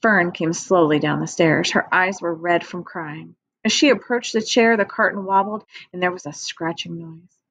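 A woman teacher reading a children's book aloud to her class in a clear, measured way. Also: fairly low pitch, fairly bright tone, no echo, rough recording.

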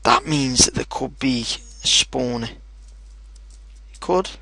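A young man giving casual commentary over his own gameplay, excitable and swearing often, shouting at his in-game dogs. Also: medium pitch, takes it slowly, creaky, husky, no room sound, whispered. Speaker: gaming video host. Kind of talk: casual let's play commentary.

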